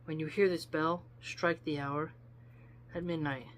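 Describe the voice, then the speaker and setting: A reader giving voice to Life as a teasing woman, gentle plain reading, mid pitch, faint hum behind. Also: steady tone, measured pace, natural voice. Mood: coaxing. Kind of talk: read-aloud quotation.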